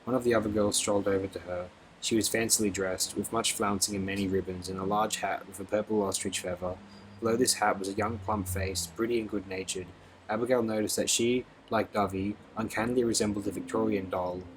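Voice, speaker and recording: A man reading a novel aloud as an audiobook narrator, steady and expressive. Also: lowish voice, fairly quick, a little hiss or hum, poor audio.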